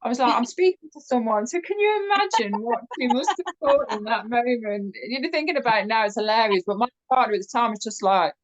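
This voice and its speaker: A woman from the United Kingdom with a British accent, a podcast guest telling a personal story in a casual, animated way, with many fillers and restarts. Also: a little high, fairly quick, hardly any pauses, rough recording. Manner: laughs often while telling the story.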